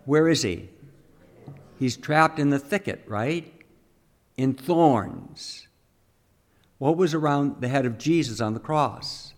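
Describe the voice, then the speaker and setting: A man's voice: mid-range voice, takes it slowly, pauses often. A man preaching a teaching homily in a conversational way, asking the listeners questions and acting out the quotes himself.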